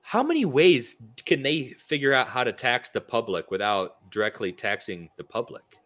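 Lively, sarcastic ranting man. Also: mid-range voice, moderate pace. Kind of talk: political talk show chat.

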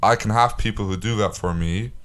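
A young man with a very low, smooth voice co-hosts a casual podcast from home over a call. He talks in a loose, rambling way and often stops to restart his sentences. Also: a little fast. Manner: relaxed, rambling with many restarts. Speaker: podcast co-host. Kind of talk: casual chat.

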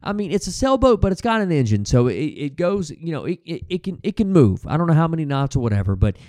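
A man's voice: on the high side, big pitch swings, quick pace, darkish tone, no room sound, studio quality. A man hosting a podcast in a loose, rambling monologue, swearing often and restarting his sentences. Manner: rambling, profane, restarts and fillers. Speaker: podcast host. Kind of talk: casual monologue.

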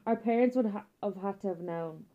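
A young Irish woman in her twenties, a guest telling stories in casual chat, lively and laughing, with plenty of fillers. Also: medium pitch, brisk. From Ireland. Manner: animated storyteller, frequent laughter and fillers. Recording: muffled, dull audio.

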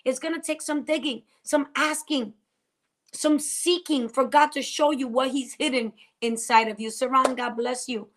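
A woman's voice: high voice, steady tone, moderate pace, a bit bright. A woman pastor hosting a faith talk show, preaching fervently with emphatic repetition and frequent laughter. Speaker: pastor and host.

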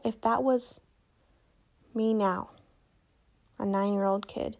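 Speaking with a medium-pitched, creaky voice of darkish tone, a young woman runs her own solo podcast. Her manner is chatty and joking, and she keeps correcting herself along the way.

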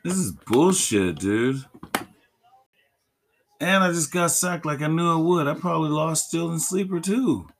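A man's voice: a little high, lively intonation, a little slow, pauses often, a little hiss or hum. A man recording himself watching a football game, venting with frequent swearing and laughter. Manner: profane, exasperated, laughs often. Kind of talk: casual live-watching banter.

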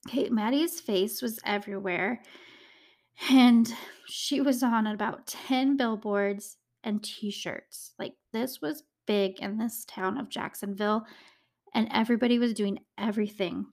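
Young woman true crime podcaster, chatty, says like a lot, mid pitch voice. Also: a little slow, darkish tone. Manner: chatty, uses "like" a lot, emotional asides. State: choked up, tearing. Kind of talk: casual storytelling.

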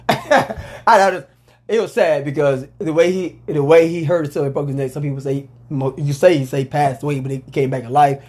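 A man's voice: a little high, normal speed. Whooping, rambling sports talk man. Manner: animated, loose and rambling, with loud whoops. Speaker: sports talk show host. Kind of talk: casual sports commentary.

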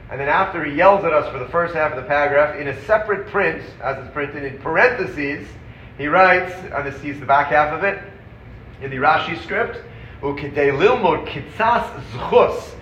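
A man teaching a Torah class, animated and quick, acting out the sources he quotes. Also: on the high side. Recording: roomy, dull audio with faint background noise.

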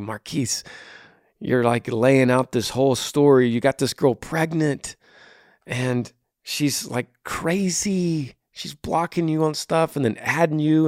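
A man's voice: mid-range voice, no room sound, studio quality. A man with a tired voice, hosting a podcast and answering listener emails in casual, earnest advice talk that sometimes drops almost to a whisper. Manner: earnest, pleading, drops to near-whisper when pressing.

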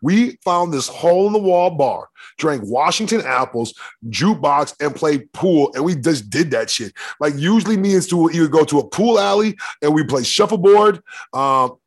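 A man from Michigan co-hosting a casual podcast, brash and profane, talking fast and steering the conversation. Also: fairly high pitch, animated. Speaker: co-host, former football player.

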